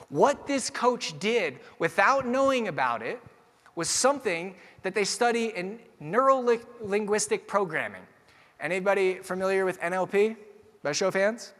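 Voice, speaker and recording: A man delivering a motivational keynote, his voice sitting a touch higher than most men's. He tells his story to the crowd and builds toward energetic calls to action. The sound trails off in a long hall reverb. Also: moderate pace. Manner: personal storytelling that builds to energetic audience address. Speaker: keynote speaker.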